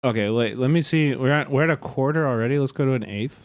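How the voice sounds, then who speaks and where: A man's voice: medium pitch, fast, no room sound, muffled recording. A man streaming live, telling a story in an agitated, profane way that rambles with many fillers.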